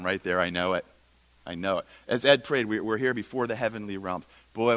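A middle-aged man telling a lively personal faith story at a church, acting out the people he quotes. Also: normal speed. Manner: animated storyteller, quotes others in lowered voice. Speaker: speaker at a church. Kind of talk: storytelling sermon talk.

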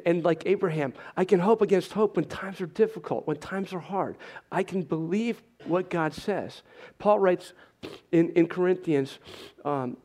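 A middle-aged male preacher with a somewhat high voice. He tells stories in a conversational way. He often clears his throat and restarts his sentences. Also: darkish tone. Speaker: pastor. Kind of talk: conversational storytelling sermon.

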